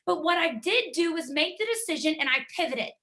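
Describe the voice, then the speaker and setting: A woman's voice: high voice, animated, fairly quick, bright, forceful tone. A woman giving an emphatic motivational talk to her team over a video call, driving home her points with repetition. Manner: emphatic, driving, repeats key words.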